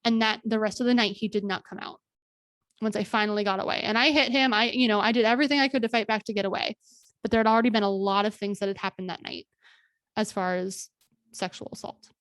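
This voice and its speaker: A woman podcast host telling her own story in an earnest, candid monologue, halting often with fillers and restarts. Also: medium pitch, fairly even intonation, fairly bright tone, no room sound, clean studio sound.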